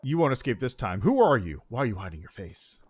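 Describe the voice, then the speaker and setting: Give me a man playing a direct, demanding commander, with lively pitch. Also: fast, slightly rough. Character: blunt army commander, player character.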